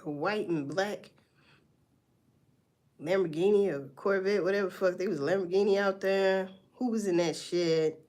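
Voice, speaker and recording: A woman's voice: mid-range voice, moderate pace, a little mellow. A woman doing casual livestream commentary, blunt and profane as she talks through a story. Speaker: livestream host.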